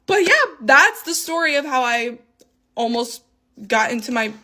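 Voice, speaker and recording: A young woman telling a storytime tale in a casual, animated way, swearing freely and acting out the voices of people she quotes. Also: high-pitched, unhurried. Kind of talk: storytime vlog.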